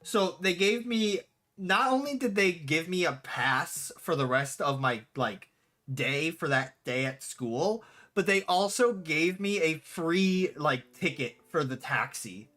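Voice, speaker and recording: A streamer in their late twenties, chatting casually on a livestream, answering chat and telling stories with lively swearing. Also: medium pitch, slow pace. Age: late 20s. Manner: animated storyteller, swears freely, answers chat aloud. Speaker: streamer and game developer.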